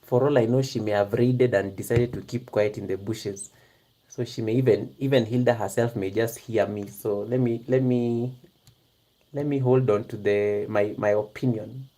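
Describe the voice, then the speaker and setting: Live-stream host, half-whispers, giggles a lot, mid pitch, dark mellow tone. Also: steady tone, moderate pace. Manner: talks straight to viewers in the chat. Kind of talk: casual live-stream chat.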